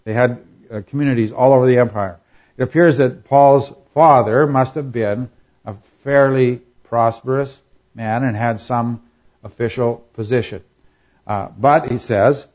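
A man teaching a class on scripture, pausing often with fillers and checking in with "all right?". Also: medium pitch, fairly even intonation, a little mellow, lo-fi sound. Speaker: Bible teacher.

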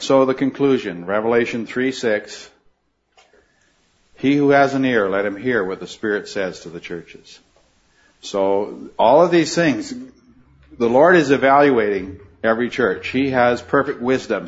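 Male Bible study teacher, mid-pitched, earnest, quizzes the class, muffled lo-fi recording. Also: expressive, measured pace. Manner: earnest, questioning the class, frequent restarts.

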